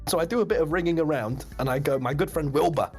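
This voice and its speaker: A man's voice: a little high, quick pace, darkish tone, husky, soft background music. A young man telling a story on a livestream, swearing freely and acting out what other people said. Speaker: streamer. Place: sitting in a chair indoors.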